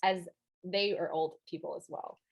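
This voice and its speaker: A woman's voice: on the low side, fairly even intonation, moderate pace. Woman, 30s, podcast guest; earnest, sentimental, chatty. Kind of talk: casual interview chat.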